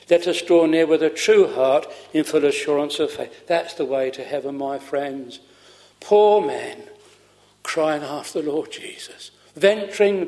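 Fervent older male preacher, higher voice. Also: a little mellow. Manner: earnest, fervent, old-fashioned scriptural phrasing. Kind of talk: sermon with closing prayer.

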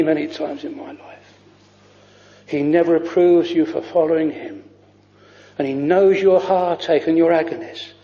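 A man delivering a slow, fervent sermon in an old-fashioned preaching manner. His voice is mellow and dark, and it sits a little high for a man. The recording is dull and lo-fi, with long reverb from the church around him. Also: gravelly.

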